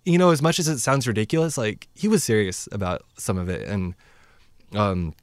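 A man's voice: on the low side, a little fast, clear, resonant tone, no echo. A man from the United States casually recounting his travels, rambling with many fillers and acting out dialogue. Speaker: traveler sharing stories. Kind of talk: casual chat.

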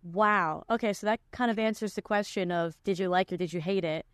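A woman's voice: medium pitch, brisk, fairly bright tone, no room sound, studio quality. A young woman hosting a podcast in casual chat, talking with lots of "like" fillers. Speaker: podcast host.

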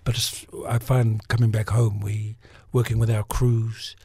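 A middle-aged man with a New Zealand accent, an actor guest talking in a relaxed, rambling way with many fillers. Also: lowish voice, a little slow, breathy edge, no echo. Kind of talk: casual interview chat.

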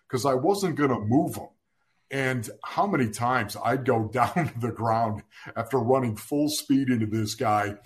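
A man, a former football player, telling a story on a podcast and laughing through it as he recites playful mock insults. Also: mid-range voice. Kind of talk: casual storytelling chat.

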